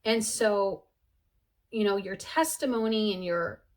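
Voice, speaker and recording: A woman in her forties speaks in a chatty, earnest tone in a personal vlog. Her voice sits at a middle pitch, and her talk is full of fillers and restarts. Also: slow pace. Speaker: vlogger sharing her conversion story.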